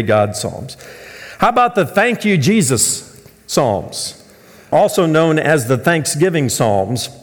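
An American man preaching a sermon as pastor, telling a story with animated, shouted punchlines. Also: fairly high pitch, big-room sound. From United States.

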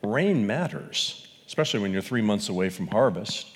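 Animated preacher man in a reverberant hall. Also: normal speed. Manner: animated, with sudden loud highs and quiet asides; folksy and joking. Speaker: pastor. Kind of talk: sermon.

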